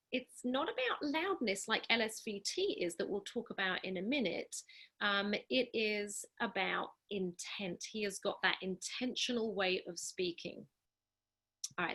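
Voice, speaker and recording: A woman speech-language pathologist leading an online group through voice exercises, upbeat and encouraging, with a clear, deliberate, coaching delivery over a video call. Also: fairly high pitch, pushed and bright. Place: home, during a live online program.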